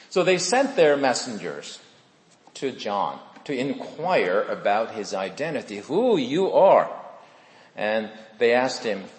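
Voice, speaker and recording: A man's voice: lowish voice, very animated, takes it slowly. A middle-aged man with a Korean accent, preaching a sermon as pastor in a friendly, chatty way with self-deprecating asides. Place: church sanctuary. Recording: echoey hall with long reverb.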